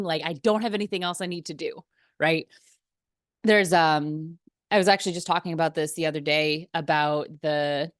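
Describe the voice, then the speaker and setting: A young adult woman, a fitness and health coach, talking casually to camera. She chats loosely, leaning on "like" and "right?", laughs often, and acts out her own inner voice in quick asides. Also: fairly low pitch, no room sound, studio quality. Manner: chatty, peppered with "like" and "right?", breaks into laughs.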